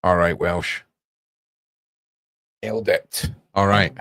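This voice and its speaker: A man's voice: deep voice, slow, creaky, pauses often, no room sound. A man chatting casually on a live stream, muttering to himself as he works and tossing off playful asides.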